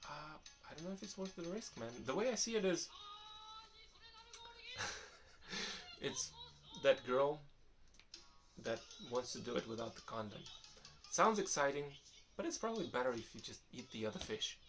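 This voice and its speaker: Brisk and medium-pitched, this young man answers viewer questions over soft background music. It's a casual vlog, and his candid, relaxed answers ramble, with sentences often begun again.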